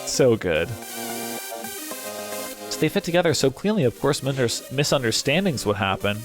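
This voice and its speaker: A young man casually narrating his way through a story game, thinking out loud, excitable and prone to swearing. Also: medium pitch, moderate pace, pauses often, soft background music. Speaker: game let's player. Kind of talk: casual gameplay commentary.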